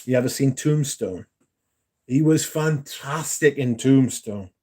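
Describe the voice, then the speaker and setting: A man's voice: medium pitch, slow pace, mellow. A man, chatting casually and rambling on a livestream, answering viewers and swearing now and then. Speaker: livestream host. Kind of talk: casual chat.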